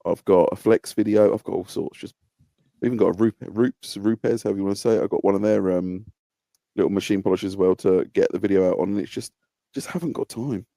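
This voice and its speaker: Gravelly low-voiced man chatting. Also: fast, dark tone, no echo. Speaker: detailing channel guest. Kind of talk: casual podcast chat.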